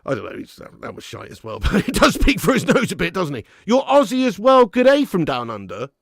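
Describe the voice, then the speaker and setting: A man's voice: sits high, huge pitch swings, fairly quick, creaky, fairly bright tone, dry recording, studio quality. A man hosting a live football watch-along, chatting and bantering with viewers. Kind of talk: live casual match commentary and chat.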